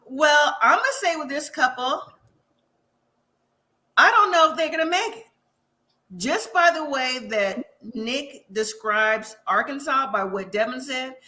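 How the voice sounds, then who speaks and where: Woman co-host, casual live review chat; high, bright, animated and quick to laugh. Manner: animated, laughs often, asks rhetorical questions. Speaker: podcast co-host.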